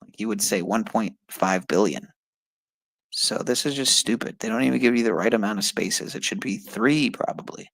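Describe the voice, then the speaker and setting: Gravelly-voiced man muttering swears. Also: on the low side, moderate pace, a bit bright, dry recording, poor audio. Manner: frustrated, swearing, muttering to himself; talks to his viewers. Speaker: streamer. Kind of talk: casual live-stream talk while taking an online test.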